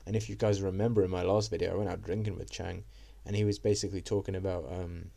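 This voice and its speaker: Young male vlogger, deep mellow voice, loose rambling storytime delivery full of fillers and cursing. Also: flat delivery, quick pace, gravelly. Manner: rambling, heavy on fillers and swearing. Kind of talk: casual storytime monologue.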